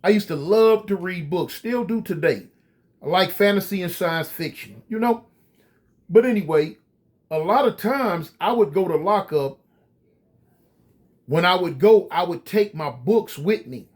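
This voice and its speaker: A man casually telling a story straight to his viewers, animated and full of slang. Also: high voice, a little slow. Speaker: storyteller recounting prison life.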